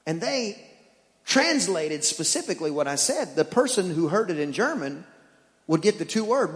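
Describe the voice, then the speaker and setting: A man's voice: high-pitched, big pitch swings, normal speed. A man preaching a sermon, telling jokes and acting out the voices in his stories. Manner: joking storyteller, acts out dialogue. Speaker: pastor. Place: church sanctuary. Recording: long reverb of a church hall.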